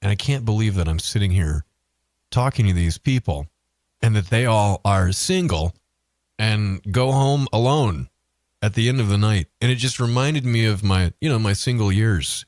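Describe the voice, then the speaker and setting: A blunt, profane man in his forties talks on a podcast in a lowish voice. He tells stories with animated swings in his delivery. The mic is close and the sound is dry. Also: moderate pace, no echo. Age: 40s. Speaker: podcast co-host. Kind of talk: casual chat.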